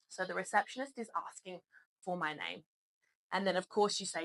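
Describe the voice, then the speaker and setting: A woman's voice: fairly low pitch, normal speed, fairly bright tone, low-quality recording. A woman teaching English in a spoken lesson, patient and encouraging as she explains things step by step.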